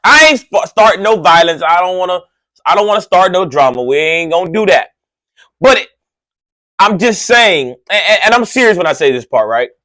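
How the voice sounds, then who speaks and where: An excitable male radio host telling a story, his voice sitting high and leaping all over the place. He talks in loose slang with lots of "right?" asides and gets louder as he gets worked up. The sound is close and dry. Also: moderate pace, dry recording. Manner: excitable, swings loud and high when worked up. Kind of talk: animated storytelling monologue.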